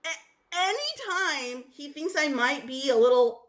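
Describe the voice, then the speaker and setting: Bright-voiced animated woman telling stories. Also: high voice, measured pace. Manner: animated storyteller, exasperated. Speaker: caller. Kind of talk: casual chat on a call-in roast.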